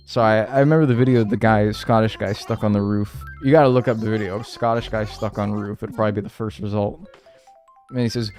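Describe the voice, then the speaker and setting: A man's voice: fairly low pitch, a little fast, darkish tone. Joking, profane streamer man, faint music. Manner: rambling, profane, jokey banter with chat. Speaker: speedrunning streamer. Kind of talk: casual livestream chat while playing.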